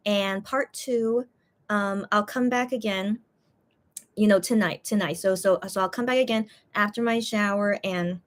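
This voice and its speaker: A woman in a casual eating-and-chatting stream, reading her viewers' comments aloud. She rambles and repeats her words, sounding tired and already full. Her voice sits in a middle pitch and jumps up with excitement now and then. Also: unhurried.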